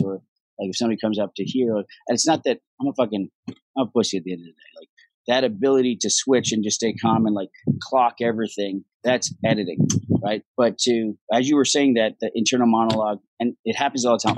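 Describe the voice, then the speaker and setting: A man's voice: fairly low pitch, fast, dry recording, low-quality recording. A middle-aged man from Ireland, an actor guest telling stories in casual podcast chat, swearing freely and acting out the voices of people he quotes.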